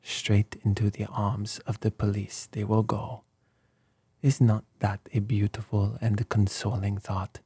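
Guy doing prim old detective, formal, kinda scolding, low husky gravelly voice. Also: level tone, a little slow, dark tone, dry recording. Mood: explaining. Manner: formal, mildly reproachful. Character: fussy, precise older male detective.

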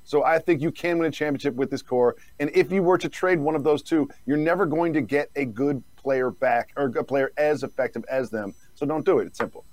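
Dude arguing basketball on a podcast, kinda high voice, laughing through it, dead dry mic. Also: male voice, a little fast, hardly any pauses, dry recording. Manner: animated, laughs often, mock-high asides. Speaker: sports podcast co-host. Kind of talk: casual sports debate.

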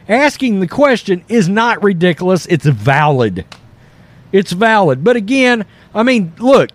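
A man hosting a reaction commentary video, talking in an animated, mocking way. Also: high-pitched. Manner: animated, mocking, puts on quoted voices. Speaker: commentary host.

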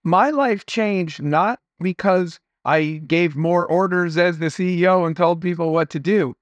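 A middle-aged man with a notably high voice speaks as an interview guest, earnest and anecdotal as he shares motivational lessons. The sound is dry and close, with no room around it. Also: unhurried, no room sound, dull audio. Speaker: entrepreneur guest. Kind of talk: conversational interview storytelling.

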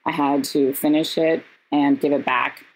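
A woman, a podcast guest and actress, telling stories in casual chat, animated and laughing, with quick asides. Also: deep voice, low-quality recording. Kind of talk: casual storytelling.

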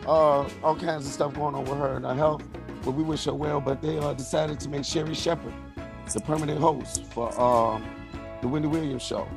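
A man co-hosting a casual podcast, telling stories with animated delivery and laughter. His voice sits a bit high, with music playing clearly underneath. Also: normal speed. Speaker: co-host. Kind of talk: casual chat.

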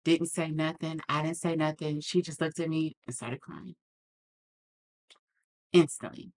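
A woman's voice: deep voice, flat delivery, measured pace, a little mellow. A woman talking candidly as a podcast guest, earnest and reflective, acting out the lines of others in her story.

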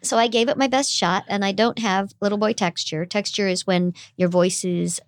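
A woman's voice: medium pitch, fairly even intonation, moderate pace, dry recording, studio quality. A middle-aged woman voice actor with a youthful, girlish-sounding voice, chatting animatedly as an interview guest. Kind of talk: casual interview chat.

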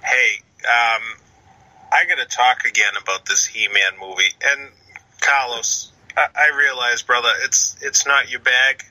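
A Boston-area man in his thirties leaves a casual, ranting voicemail for a podcast over a phone line. His mid-range voice is steady, unhurried, pushed and bright, and he swears emphatically while listing his points.

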